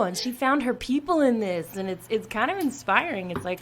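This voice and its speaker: A woman's voice: a little high, lively intonation, normal speed. A woman guest on a podcast talking casually, laughing often and saying "like" a lot. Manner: bubbly, laughs often, valley-girl style "like".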